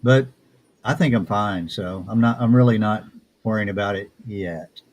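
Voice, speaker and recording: A man with a Southern accent, a guest author answering interview questions in a reflective, unhurried way with frequent restarts. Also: on the low side, a little mellow, a little hiss or hum. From Texas. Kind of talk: casual interview talk.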